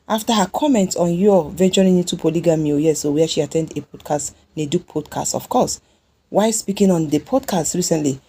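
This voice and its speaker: A Nigerian woman delivering gossip commentary in a husky, slightly low voice. She talks in a chatty, scolding way and switches freely between Pidgin and English. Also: dark tone. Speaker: celebrity gossip vlogger.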